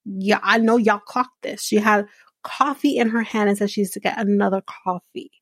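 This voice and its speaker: A woman hosts a podcast recap in a loose, chatty way, full of fillers and quick asides. Her voice sits at a middle pitch, and the recording is dry and close with no room around it. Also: fairly even intonation, a bit bright, breathy edge, dry recording. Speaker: podcast host recapping a reality show. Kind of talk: casual recap chat.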